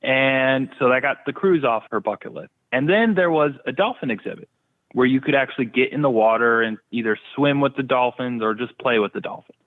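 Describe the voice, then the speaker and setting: A man's voice: mid-range voice, fairly quick. A man telling stories as an interview guest in a casual, blunt way, with crude humor. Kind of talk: casual storytelling. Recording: thin phone-like line.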